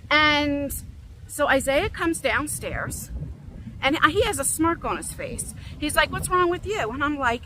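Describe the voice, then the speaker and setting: Woman, middle-aged, casual vlog storytelling, high voice, lively self-quoting, phone mic outdoors. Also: measured pace, a little hiss or hum. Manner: animated, quotes herself with big jumps in pitch. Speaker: vlogger. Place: outdoors in a park, walking. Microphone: phone on a selfie stick.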